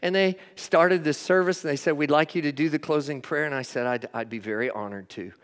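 An older man giving a sermon as a chaplain, telling stories earnestly and moving between hushed and emphatic delivery. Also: a little high, brisk, clear, resonant tone, big-room sound. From United States. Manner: earnest storytelling preacher, swings from hushed to emphatic. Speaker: chaplain preaching.

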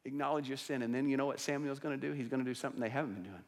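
A male pastor preaching a sermon to a congregation, swinging between loud declarations and hushed, intense asides. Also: mid-range voice, very fast. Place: church sanctuary with a congregation. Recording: long hall reverb.

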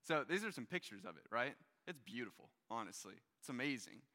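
Young guy preaching, chatty storyteller, bright voice, big echoey hall. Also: mid-range voice, a little fast. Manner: casual, animated storytelling with many fillers. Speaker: young adult pastor. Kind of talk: sermon storytelling. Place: large hall with a stage. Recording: long hall reverb.

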